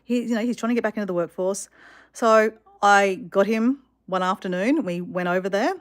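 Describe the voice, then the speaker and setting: A woman telling a story to her viewers in a chatty, animated way with many fillers. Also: medium pitch, moderate pace. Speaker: vlogger.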